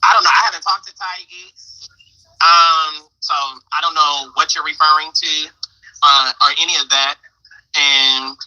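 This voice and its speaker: A man calling into a live stream, speaking haltingly and then brushing things off. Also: a little high, bright, forceful tone. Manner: halting, many fillers and restarts, then dismissive. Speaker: guest on a call. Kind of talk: casual phone chat. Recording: dull phone-line audio.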